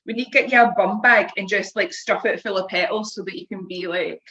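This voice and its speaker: A woman's voice: mid-range voice, brisk, sharp tone, low-quality recording. A woman guest on a podcast who chats enthusiastically and giggles often. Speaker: guest, presenter and performer. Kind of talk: casual chat.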